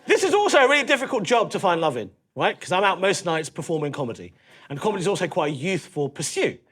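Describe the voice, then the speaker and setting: A London-accented man in his forties performs stand-up in a club, cheeky, conversational and punchy, as the audience laughs. His voice is high, sing-song and a bit bright, and he speaks fast.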